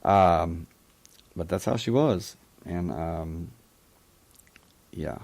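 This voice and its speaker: Man, very low voice, slow and reflective, talk show host. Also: a little mellow. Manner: reflective, halting, with frequent restarts. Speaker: radio call-in show host. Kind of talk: personal storytelling on a talk show.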